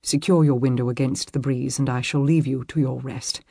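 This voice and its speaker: A narrator voicing a deep-voiced medieval warrior man who speaks in calm, old-fashioned phrasing. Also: normal speed, gravelly, slightly rough, no echo, clean studio sound. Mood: tender.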